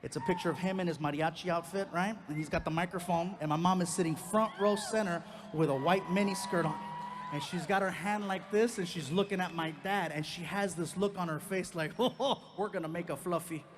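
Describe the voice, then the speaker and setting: A middle-aged male comedian tells a story on stage in a high, lively voice. He is animated and breaks into yelling when acting out his anger. A faint hum sits under his voice. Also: brisk. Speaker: stand-up comedian.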